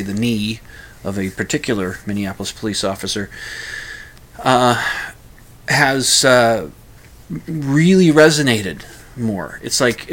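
Rambling man talking solo. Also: medium pitch. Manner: rambling, animated, with frequent restarts. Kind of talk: casual solo monologue.

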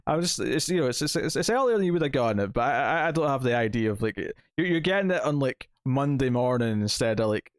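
A man's voice: medium pitch, animated, quick pace, few pauses, clear, resonant tone, dry recording, clean studio sound. A man co-hosting a podcast, chatting casually and reading out thanks, with many fillers and restarts. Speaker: podcast co-host. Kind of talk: casual podcast chat and outro.

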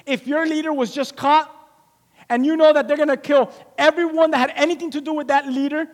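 A man's voice: extremely high pitch, fairly even intonation, a little fast, long reverb tail. A man preaching a sermon, emphatic and repetitive, asking the listeners rhetorical questions.

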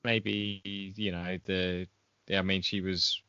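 A man's voice: deep voice, little pitch movement, slow, sharp tone, smooth, dry recording. A man hosting a podcast in casual comedy banter, laid-back and hesitant, with lots of ums. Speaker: podcast host. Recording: dull muffled sound.

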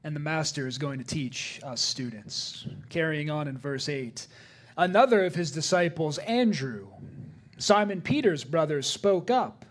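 High-voiced emphatic male preacher. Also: unhurried. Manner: emphatic, repeats key phrases. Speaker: pastor. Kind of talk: sermon.

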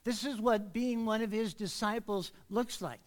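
A man preaching an earnest sermon in church, speeding up when he gets excited. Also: sits high, moderate pace. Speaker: pastor.

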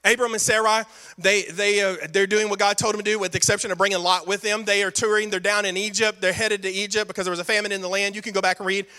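A man's voice: sits high, little pitch movement, fast, pushed and bright, clear, resonant tone. A man pastor preaching a sermon with emphatic repetition and playful asides.

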